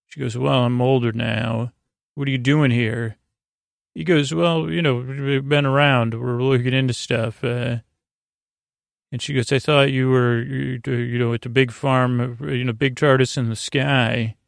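A man hosting a podcast, giving a rambling, halting bedtime recap of a TV episode, full of hesitations. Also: creaky, no echo, studio quality. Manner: halting, full of uhs and let's-sees; monotone, low-key delivery. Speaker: podcast host.

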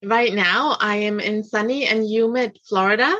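A woman's voice: mid-range voice, moderate pace, sharp tone, highs cut off. A woman guest from Germany with a slight German accent, chatting in an interview and laughing easily. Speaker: guest, parent coach. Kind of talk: casual interview chat.

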